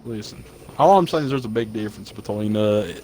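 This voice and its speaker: A man's voice: fairly low pitch, expressive, brisk, a little mellow, a little hiss or hum. A young man co-hosting a podcast, needling his friend in casual chat. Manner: teasing, needling. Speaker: podcast co-host.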